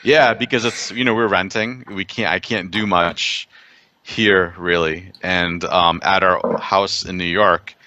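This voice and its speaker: A man with a low voice that still sounds bright and forceful co-hosts a casual podcast. He tells stories in an animated way and breaks in with enthusiastic exclamations. A faint hiss of noise sits under his mic. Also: measured pace, highs cut off. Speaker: podcast co-host. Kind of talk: casual chat.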